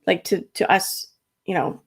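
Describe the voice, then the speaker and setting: A woman's voice: lowish voice, steady tone, measured pace, slightly rough. An American woman hosting a casual livestream, rambling with many fillers and laughing easily. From United States. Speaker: livestream host.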